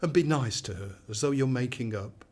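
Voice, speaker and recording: An actor playing a sinister, controlling male AI companion who talks in a calm, soothing, manipulative way in a radio drama. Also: medium pitch, normal speed, natural voice. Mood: commanding.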